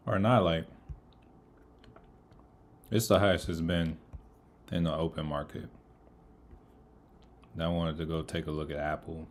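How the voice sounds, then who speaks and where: Low-voiced man chatting through a livestream. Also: a little slow, long pauses. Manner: relaxed, greets chat viewers by name. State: eating, mouth full of food. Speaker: livestream trader. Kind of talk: casual live market commentary.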